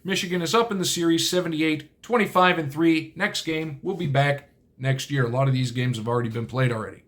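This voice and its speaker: A man's voice: a little high, brisk, a bit bright. A man hosting his own video channel, talking casually in a rambling way, often correcting himself and adding dry asides. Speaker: channel host. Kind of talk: casual solo video talk.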